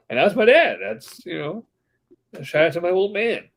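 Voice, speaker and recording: A man with a slightly high voice tells a story on a casual podcast. He is animated and acts out the people in it as he goes. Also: normal speed, vocal fry. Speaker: podcast co-host. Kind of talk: casual chat.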